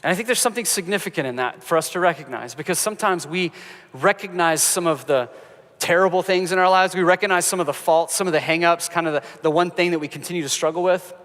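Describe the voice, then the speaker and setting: A male pastor preaches in a relaxed, conversational way, weaving in stories with a humorous touch. His voice sits a bit higher than most men's. A long reverb from the church sanctuary trails after each phrase. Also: fast talker. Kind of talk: sermon.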